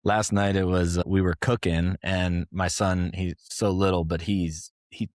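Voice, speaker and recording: A man's voice: low-pitched, little pitch movement, unhurried, a little mellow, dry recording, clean studio sound. A man talking candidly as a podcast guest, a touring family musician rambling through stories with many restarts. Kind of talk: casual podcast conversation.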